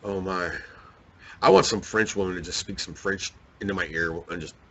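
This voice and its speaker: A man's voice: low-pitched, moderate pace, slightly rough, lo-fi sound. A man co-hosting a casual webcast chat, joking and laughing a lot. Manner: joking, laughs often, animated. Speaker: co-host.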